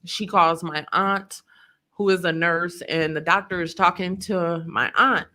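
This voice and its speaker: In a lowish, steady voice that's a little slow and has a pushed, bright quality, a woman recounts a personal story as a podcast guest. She tells it with emotion and vivid color, acting out people's lines.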